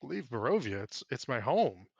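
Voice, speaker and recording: A man narrating as game master, voicing the characters in quick quoted lines. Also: mid-range voice, sing-song, vocal fry, darkish tone, husky, no echo, lo-fi sound.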